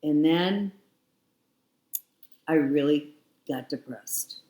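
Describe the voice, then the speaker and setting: Low-voiced, unhurried woman in her sixties, candid storyteller, echoey room. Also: warm tone. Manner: reflective, frank, repeats phrases. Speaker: guest.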